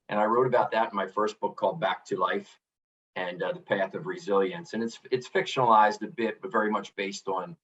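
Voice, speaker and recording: A middle-aged author and coach, appearing as a podcast guest, tells a personal story in a candid interview, earnest and reflective, often restarting with "you know". His voice is low-pitched with a fairly bright tone. He's far from the mic, and the audio sounds dull.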